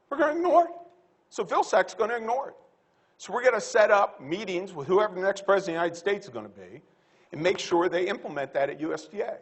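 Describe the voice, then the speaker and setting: A man speaking as a panelist at a livestock conference, blunt and folksy, animated, with quick quips. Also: sits high, slightly rough.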